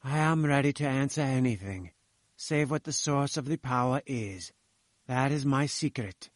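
A man reading a sly, nervous male inventor with a smooth, wheedling manner. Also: medium pitch, moderate pace, no echo, close to an everyday voice. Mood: guarded.

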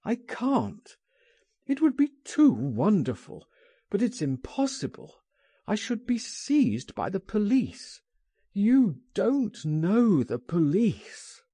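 A man reading an audiobook, voicing a frightened, despairing man on bail who pleads in a higher pitch. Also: sing-song, slow pace, warm tone, husky, dry recording, full character voice. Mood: anguished.

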